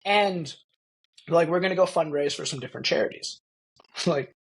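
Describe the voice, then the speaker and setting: A young Canadian man with a Canadian accent, a podcast guest telling stories in a lively way and laughing often. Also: fairly high pitch, moderate pace, slight background noise, rough recording. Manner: animated storyteller, laughs often, acts out quoted voices. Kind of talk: casual storytelling.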